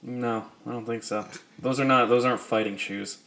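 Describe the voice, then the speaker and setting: A man's voice: medium pitch, steady tone, a bit bright, slight background noise. Wisecracking podcast host man. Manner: dry wisecracks, quick to laugh. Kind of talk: casual chat. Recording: roomy echo.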